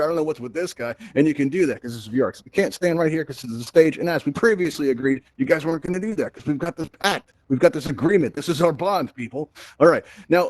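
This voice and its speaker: Fast-talking, animated man hosting a VR event. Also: mid-range voice, no room sound. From Brooklyn, New York. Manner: animated, chatty, says "right?" constantly. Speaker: host of a VR event. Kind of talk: live event hosting to an audience. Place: virtual reality social space, on a stage. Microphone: VR headset microphone.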